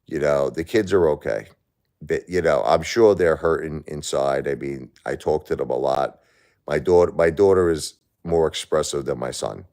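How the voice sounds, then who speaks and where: Very deep-voiced man, grieving live host. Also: darkish tone. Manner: halting, repeats words, talks to viewers. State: grieving, stressed. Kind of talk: emotional live-stream chat.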